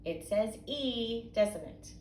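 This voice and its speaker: Sing-song teacher in an echoey room. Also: female voice, fairly high pitch, lively intonation, darkish tone. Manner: patient, sing-song teacher talk with slow sounded-out words. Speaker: kindergarten and first grade teacher. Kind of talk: recorded phonics reading lesson for young children. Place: home, indoors. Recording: echoey room with faint background hum.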